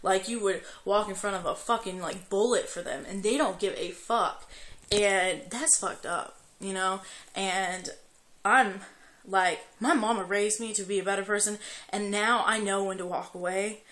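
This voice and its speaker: A young woman vlogging at home late at night. She is tearful and crying as she talks, rambling and swearing freely, halting often with fillers. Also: mid-range voice, fairly bright tone. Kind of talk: emotional confessional vlog.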